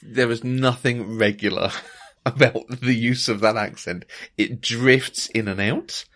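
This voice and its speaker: A man, chatting wryly and in a measured way as a podcast co-host. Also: mid-range voice, steady tone, a bit bright. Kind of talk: casual chat.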